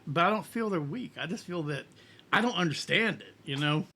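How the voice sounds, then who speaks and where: A man's voice: a little high, animated, fairly quick, noisy background. A middle-aged man hosting a music reaction, talking earnestly in a rambling way with frequent restarts. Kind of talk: casual reaction commentary.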